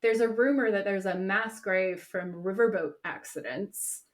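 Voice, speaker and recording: Speaking at an ordinary pace in a mid-range voice, this podcast co-host chats casually and gushes with enthusiasm.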